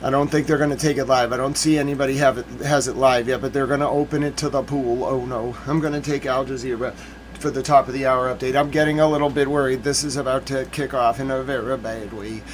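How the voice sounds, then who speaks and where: A man's voice: mid-range voice, steady tone, fast talker, slight background noise. A man hosting a live news stream, chatting to viewers and repeating himself when anxious. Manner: anxious, repeats himself, greets chat by name. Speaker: livestream news commentary host.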